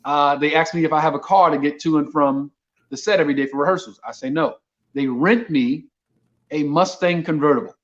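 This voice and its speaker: A man's voice: fairly high pitch, brisk. New comedian guy telling a story casual, acts out the voices, bit muffled audio. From Brooklyn, New York. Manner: animated storyteller, acts out dialogue. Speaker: comedian guest.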